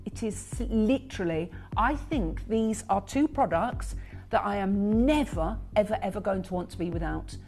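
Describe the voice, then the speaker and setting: A woman's voice: mid-range voice, lively intonation, moderate pace, a little mellow, soft background music. A woman in her sixties presenting on a live shopping channel, chatty and emphatic as she sells. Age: 60s. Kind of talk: live TV sales pitch. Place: TV studio.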